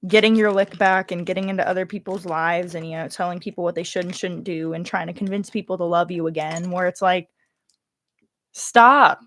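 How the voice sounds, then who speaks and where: A young woman chatting casually on a livestream as she gets ready, rambling and breaking off mid-thought. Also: on the low side. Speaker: content creator livestreaming while getting ready.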